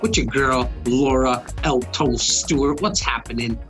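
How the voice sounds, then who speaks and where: A man hosting a podcast, loud and energetic, often repeating words as he thinks. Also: mid-range voice, unhurried, music in the background, poor audio. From Canada. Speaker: podcast host. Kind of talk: casual podcast chat.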